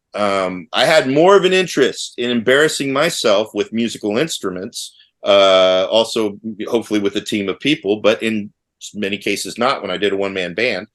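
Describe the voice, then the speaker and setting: A man's voice: medium pitch, fairly bright tone. A middle-aged man chatting casually with old friends, rambling and wry, with many restarts. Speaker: podcast co-host.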